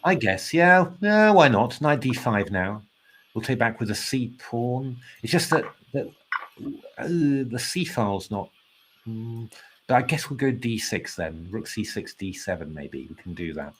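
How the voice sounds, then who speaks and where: A man's voice: medium pitch, animated, unhurried, a little hiss or hum. A man giving casual live chess commentary, thinking aloud with lots of fillers and hesitations, polite and self-deprecating, sounding tired and yawning.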